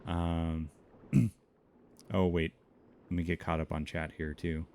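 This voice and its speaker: A man's voice: low voice, flat delivery, slow, a little mellow, a little hiss or hum. A man with a Minnesotan accent, chatting casually with his chat while streaming a game, laughing often. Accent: Upper Midwestern (Minnesotan). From Montana, USA. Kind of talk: casual gameplay commentary.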